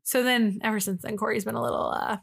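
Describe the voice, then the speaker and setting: A woman's voice: on the high side, fairly even intonation, quick pace, creaky, fairly bright tone, slightly rough. A young woman co-hosting a podcast, telling a funny story in casual chat, acting out quotes and swearing now and then. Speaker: podcast co-host.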